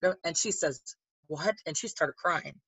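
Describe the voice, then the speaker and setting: A woman's voice: deep voice, a little slow, a bit bright, slightly rough, no room sound, poor audio. An older woman telling stories in a chatty, rambling way with many restarts, her voice lifting when she quotes others. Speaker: guest. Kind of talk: casual storytelling.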